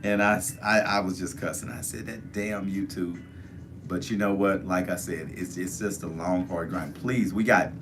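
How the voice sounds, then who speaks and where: A man hosting a casual livestream, repeatedly urging viewers to join the chat and give thumbs up. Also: deep voice. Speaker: livestream host.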